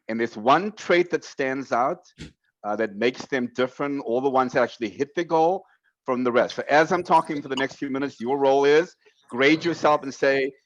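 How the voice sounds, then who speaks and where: A man's voice: medium pitch, lo-fi sound. A man giving a motivational sales coaching talk on a team video call, emphatic and direct, laying out numbered points to his reps.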